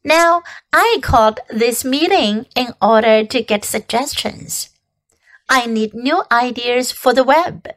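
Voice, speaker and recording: A woman's voice: on the high side, fairly bright tone. A woman voicing a wise, bossy female spider who runs a barn meeting in a storybook reading. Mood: matter-of-fact. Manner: brisk, orderly, a little impatient.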